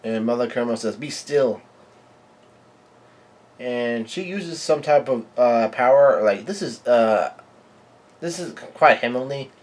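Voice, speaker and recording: A man giving a live reading and reaction to a comic chapter, in a halting, stumbling way full of restarts. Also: mid-range voice, lively intonation. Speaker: manga reader and reactor.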